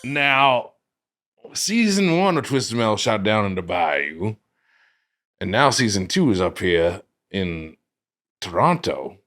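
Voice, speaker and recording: A man's voice: lowish voice, sing-song, takes it slowly, fairly bright tone. A man co-hosting a comedy podcast, goofy and pushing running bits in casual chat. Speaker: podcast co-host.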